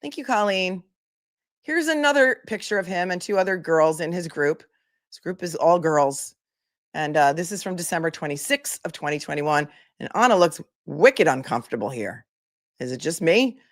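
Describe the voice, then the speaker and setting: A woman's voice: on the low side, animated, moderate pace. A woman attorney giving casual commentary, chatty and incredulous, reading posts aloud. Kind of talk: casual commentary on a legal case.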